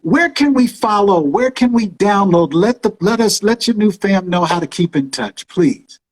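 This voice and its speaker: A man's voice: high-pitched, lively intonation, normal speed, low-quality recording. A man in his fifties hosting an online show, praising his guest with effusive, preacher-like cadence and talking straight to his audience. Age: 50s. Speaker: show host. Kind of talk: enthusiastic interview chat.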